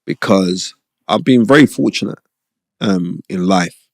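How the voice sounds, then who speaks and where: Middle-aged podcast guest, gravelly and low, animated and rambling. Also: male voice, a little slow, no room sound, clean studio sound. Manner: animated, streetwise, rambling, repeats himself. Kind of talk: casual storytelling interview. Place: podcast studio.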